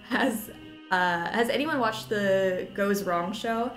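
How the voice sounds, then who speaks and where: A giggly woman streamer talks slowly in a medium-pitched voice while playing a detective game, casually commenting and reacting out loud. The room is echoey, with game music in the background.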